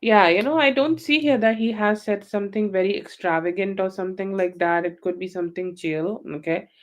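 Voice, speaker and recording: A woman's voice: mid-range voice, fairly quick. A woman doing a live tarot reading, rambling and loose, constantly tagging her lines with "okay" and "you know". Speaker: tarot reader.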